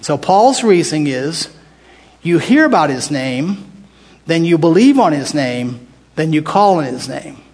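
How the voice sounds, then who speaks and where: A man's voice: fairly high pitch, lively intonation, measured pace, darkish tone, slightly rough. An older American man leading a Bible study, talking conversationally, restarting phrases and putting questions to the group. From United States. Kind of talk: casual Bible teaching to a group.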